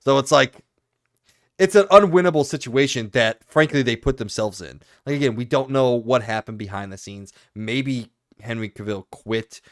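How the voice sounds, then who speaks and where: Male podcast co-host, low voice, dry close sound, rambling and animated. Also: no echo. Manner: animated, rambling, frequent laughs. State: hiccuping. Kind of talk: casual podcast chat.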